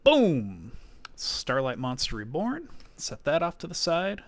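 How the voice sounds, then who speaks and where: Guy streaming pack openings, rambly casual chat, talking to himself, pops off when he hits something good. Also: fairly high pitch. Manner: chatty, thinking aloud, quick excited exclamations. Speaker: livestreamer opening card packs.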